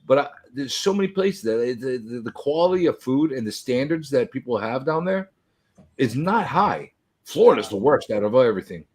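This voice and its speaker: A man's voice: medium pitch, expressive, a little mellow, slightly rough. A man from New York in casual chat, talking bluntly and stumbling over his words. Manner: halting, repeats words, blunt opinions. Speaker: podcast co-host.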